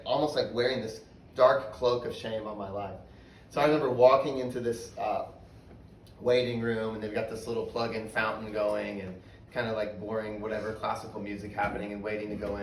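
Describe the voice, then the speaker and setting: A young man gives a personal testimony, candid and storytelling, often sinking to a hushed voice for the hard parts. He sounds set back from the mic in a reverberant space. A faint ambience sits underneath. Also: fairly low pitch, slight background noise. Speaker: speaker giving a testimony. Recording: roomy, from a distance, faint ambience.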